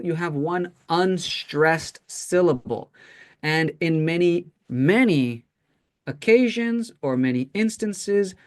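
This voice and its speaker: A man teaching an English pronunciation class, explaining patiently and checking in often with "right?". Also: a little high.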